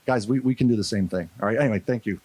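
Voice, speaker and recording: A man from St. Louis, USA, races along in a lowish voice over background noise. He's giving a storytelling keynote at a conference, animated and energetic as he acts out the voices of the people in his tale.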